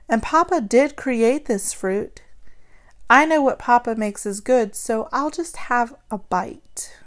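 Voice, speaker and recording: A woman narrating a story in the first person, expressive and acting out the dialogue. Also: fairly high pitch.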